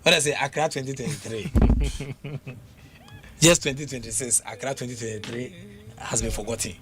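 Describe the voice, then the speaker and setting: A man with a Ghanaian accent talking sports on the radio in a casual, animated way, laughing often and full of fillers and repeats. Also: medium pitch, fairly quick, noisy background. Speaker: radio sports show panelist. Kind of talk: casual radio sports talk mixing English and Twi.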